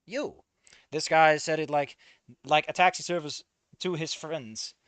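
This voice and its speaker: Casual male fan-fic reader, wry delivery, crisp slightly high tone. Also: unhurried, fairly bright tone, dry recording. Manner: casual, wry narration with swearing. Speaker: story reader. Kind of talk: first-person fan story reading.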